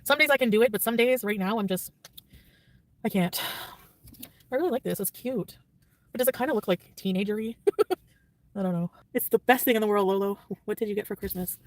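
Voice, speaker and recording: A woman's voice: medium pitch, a little fast, pauses often, no room sound. A woman vlogger chatting casually, rambling and defensive, laughing often. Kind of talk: casual vlog chat.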